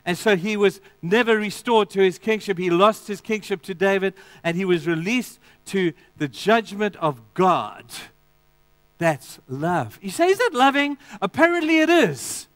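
A man preaching a sermon, addressing the congregation directly, swinging between emphatic declarations and quiet, intense asides. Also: sits high, unhurried, no echo. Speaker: pastor.

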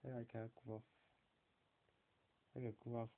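A man's voice: mid-range voice, level tone, takes it slowly. A man giving a casual spoken review of film characters, rambling and hesitant with many fillers and restarts. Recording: tinny phone-like sound.

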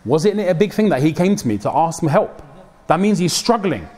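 A young man delivers a mosque sermon. His voice sits a little high and he keeps it conversational, mixing slang into the preaching. He acts out the people he quotes. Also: very animated, brisk, darkish tone. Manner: code-switches with slang, dramatic quoted voices. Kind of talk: mosque talk.

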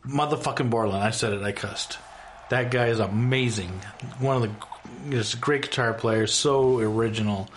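A man in a casual, enthusiastic rant, gushing and emphatic, swearing freely. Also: medium pitch. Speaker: YouTuber.

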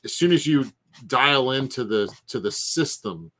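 A man's voice: mid-range voice, measured pace. A man chatting casually while drawing on a stream, telling stories and mimicking callers. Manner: animated storyteller, mimics callers. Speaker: co-host artist.

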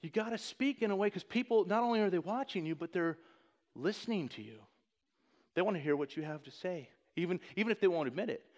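A pastor in his forties preaching a sermon, joking and telling stories in an animated way. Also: fast. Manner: joking, animated storytelling with put-on high voices.

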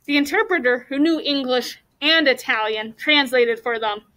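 A woman teacher reading a chapter book aloud to her class, animated and stopping to ask the children questions. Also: high voice, moderate pace, poor audio.

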